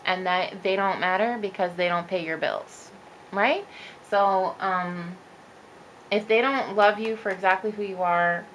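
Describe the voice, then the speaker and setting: A woman's voice: mid-range voice, steady tone, measured pace, fairly bright tone, slight background noise, low-quality recording. A woman giving a chatty, upbeat tarot reading, talking straight to her viewers as a spiritual coach. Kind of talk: casual tarot reading monologue.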